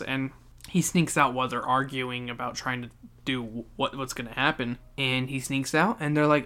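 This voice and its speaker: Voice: mid-range voice, fairly even intonation, moderate pace, a bit bright. A podcast host giving a rambling, profane, joking book recap.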